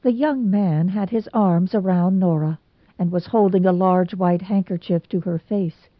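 A woman's voice: lowish voice, measured pace, dry recording. Woman narrating a storybook, dry sound. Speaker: audiobook narrator. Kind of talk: scripted narration. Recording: dull lo-fi recording.

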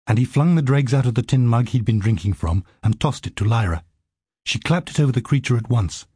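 A man narrating an audiobook in a steady, vivid storytelling manner. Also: mid-range voice, brisk, slightly rough, no room sound, clean studio sound.

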